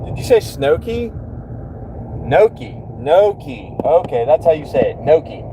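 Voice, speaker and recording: A man's voice: on the high side, big pitch swings, brisk. A man chatting casually to his livestream viewers from work, rambling and joking with plenty of profanity. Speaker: livestream host. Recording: loud vehicle and street noise. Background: vehicle noise.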